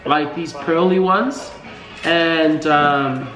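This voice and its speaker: A woman's voice: deep voice, extremely slow, a bit bright. A woman chatting casually, emotional and laughing often as she thanks her family. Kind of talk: casual chat. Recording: echoey room with music behind.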